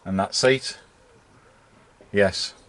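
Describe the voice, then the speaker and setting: A man's voice: lowish voice, drawn-out words, a bit bright. A man narrating a family campervan trip in a casual, practical way, joking lightly with his children. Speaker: family travel vlogger.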